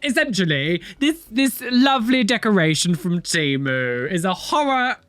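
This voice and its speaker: A man's voice: high voice, sing-song, normal speed, fairly bright tone, no room sound. A man hosting a reaction video, rambling and exclaiming with lots of fillers. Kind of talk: casual reaction commentary.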